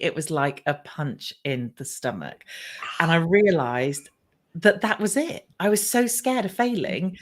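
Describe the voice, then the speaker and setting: A middle-aged woman from the UK with a British accent, a podcast guest telling her own story casually and acting out past conversations. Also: mid-range voice. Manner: animated, acts out her own past dialogue.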